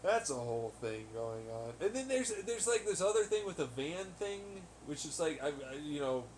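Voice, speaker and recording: Male solo podcaster, rambling and profane, pitched a bit high, prone to angry outbursts. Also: very animated, normal speed, a little mellow, slight background noise. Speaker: podcast host. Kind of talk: casual rambling monologue.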